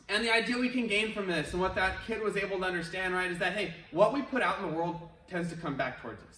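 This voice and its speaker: A man's voice: high-pitched, fairly bright tone, a little hiss or hum. A male martial arts instructor, coaching an online class in an upbeat, encouraging way. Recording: echoey room, mic at a distance.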